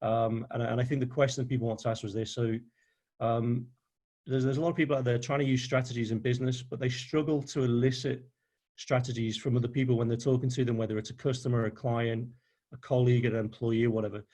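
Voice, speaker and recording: Quick-talking male webinar host. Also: medium pitch. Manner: relaxed, friendly, reads viewer comments. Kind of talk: interview questions. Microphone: video call.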